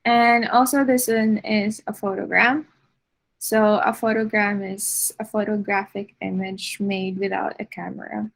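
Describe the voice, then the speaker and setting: A woman giving an art lecture over slides, unhurried, with frequent fillers and restarts. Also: mid-range voice, level tone, vocal fry, poor audio.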